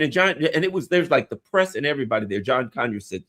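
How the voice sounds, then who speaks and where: A middle-aged man hosting a political commentary stream, telling stories in an animated way and acting out what people said. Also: mid-range voice, quick pace, few pauses. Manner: animated storyteller, acts out quotes. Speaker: host. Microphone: remote stream call.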